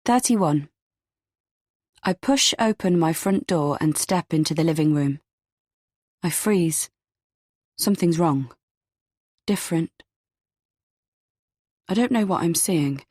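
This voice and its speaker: A woman narrating a first-person story in a steady, low-key way. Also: takes it slowly, long pauses, no echo, clean studio sound. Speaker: audiobook narrator.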